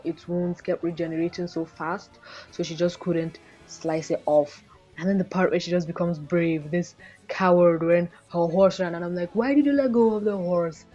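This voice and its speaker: A woman giving a casual anime episode review in an animated, rambling way, swearing freely. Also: lowish voice. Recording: dull lo-fi recording with faint background music.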